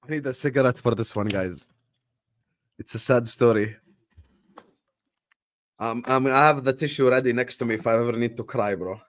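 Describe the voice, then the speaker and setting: A young man talks casually on a live football stream at an ordinary middle pitch. He rambles and jokes with slang and the odd swear word, and his level swings between soft mock-sad murmurs and loud outbursts at the match. The sound is close and dry. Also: moderate pace, pauses often, no room sound. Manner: drops to low mock-sad mumbles, then loud bursts at match action. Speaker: streamer hosting a football watchalong.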